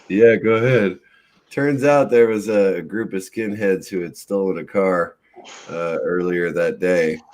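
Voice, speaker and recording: Male guest, middle-aged, very deep voice, calm relaxed storyteller. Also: a little slow. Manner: calm, laughs while telling his story. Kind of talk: casual chat, telling a story.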